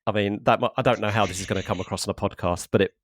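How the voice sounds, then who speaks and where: A man hosts a relaxed podcast chat in an Essex accent, his voice sitting a little low. He talks in loose, looping sentences, restarting often and laughing easily. The sound is dry, with no room in it. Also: racing, dry recording. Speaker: podcast host. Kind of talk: casual interview chat.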